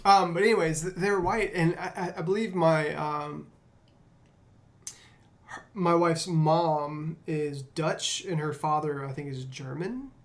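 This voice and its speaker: A man's voice: on the high side, fairly even intonation, slow pace. A man hosting a casual discussion, reflective and storytelling, with frequent fillers. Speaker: podcast host.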